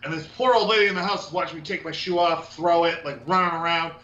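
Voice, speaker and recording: High-voiced man, "dude" every sentence. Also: fast talker, pushed and bright, muffled recording, a little hiss or hum. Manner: profane, says "dude" and "like" a lot. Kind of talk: casual chat.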